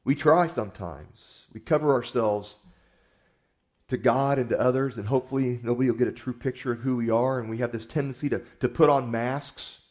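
A man's voice: medium pitch, fairly quick, a little mellow. A male pastor giving a sermon in a folksy, conversational storytelling manner, often repeating his words as he goes.

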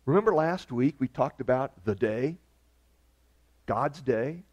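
A man's voice: mid-range voice, animated, takes it slowly, darkish tone. Conversational man preaching a sermon. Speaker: pastor. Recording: dull lo-fi recording.

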